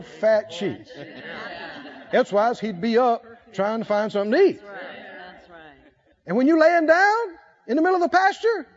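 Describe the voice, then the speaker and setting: A man preaching a sermon with emphatic calls for the congregation to answer back. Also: very high voice. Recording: slightly muffled recording.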